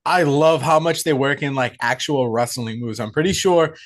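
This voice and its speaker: A man's voice: mid-range voice, moderate pace. A man co-hosting a podcast who eagerly jumps in with jokes and casual swearing about a movie. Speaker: podcast co-host.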